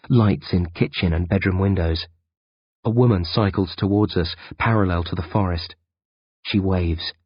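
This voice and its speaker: A man narrating a first-person audiobook in a tense, measured storytelling manner. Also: sits low, breathy edge, no room sound. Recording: dull, dry lo-fi recording.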